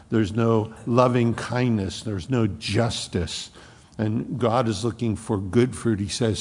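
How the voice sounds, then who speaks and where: A man preaching a sermon, expounding scripture slowly and emphatically and quoting Bible verses. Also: mid-range voice, gravelly, darkish tone, big-room sound. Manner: slow, emphatic Bible exposition with quoted scripture.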